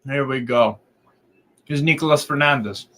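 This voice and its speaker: A man streaming live football commentary, chatting casually with a friend between excited play-by-play calls. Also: mid-range voice, moderate pace, poor audio.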